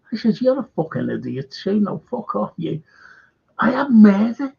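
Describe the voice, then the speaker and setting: A man's voice: high-pitched, big pitch swings, moderate pace, creaky, warm tone, husky, highs cut off. A man with a Liverpool accent hosting a live stream, telling a rambling story that is full of swearing and heated outbursts. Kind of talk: casual rant to a live stream.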